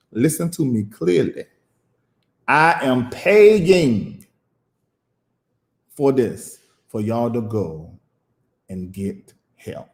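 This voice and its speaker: A male preacher and show host gives emotional commentary on a live stream, emphatic and preachy, repeating phrases and pausing at length. His voice is mid-range and the sound is roomy.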